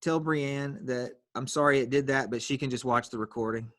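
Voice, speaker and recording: A man's voice: medium pitch, steady tone, moderate pace, fairly bright tone, dry recording, studio quality. A man teaching an online grammar class on a video call, explaining patiently step by step and calling on students.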